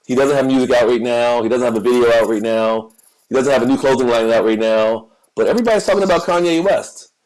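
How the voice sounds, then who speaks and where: This man's mid-range voice has a darkish tone and a quick pace, captured on poor audio. He co-hosts a podcast from the United States, keeping it casual with talk of football and celebrity news, and he often repeats words while searching for what to say.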